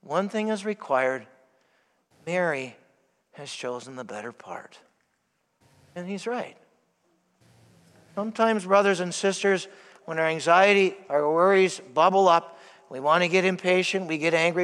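A man's voice: fairly high pitch, a bit bright, clean tone. A male priest giving a sermon in a church, emphatic and asking the congregation rhetorical questions. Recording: long church reverb.

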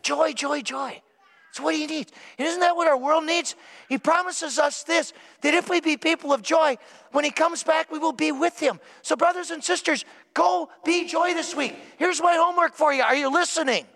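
A man's voice: extremely high pitch, moderate pace, gravelly, a bit bright. A man preaching a sermon to his congregation, emphatic, repeating key words and putting questions to the listeners. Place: church. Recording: church hall with long reverb.

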